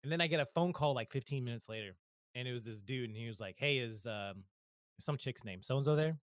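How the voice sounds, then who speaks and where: A man's voice: medium pitch, fairly quick, no echo. A man co-hosting a podcast, telling a story in casual chat, often laughing and quoting himself. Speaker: podcast co-host.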